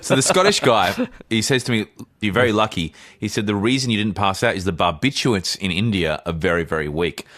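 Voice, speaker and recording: Animated, fast-talking storytelling man. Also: fairly low pitch. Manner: animated, stammering restarts while telling a story. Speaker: podcast co-host. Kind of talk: casual storytelling chat.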